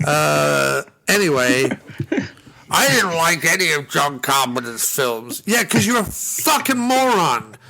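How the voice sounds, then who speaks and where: A man's voice: fairly high pitch, big pitch swings, takes it slowly, vocal fry, pushed and bright, poor audio. A man co-hosting a casual movie podcast, riffing and swearing freely, laughing often. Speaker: podcast co-host. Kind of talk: casual chat.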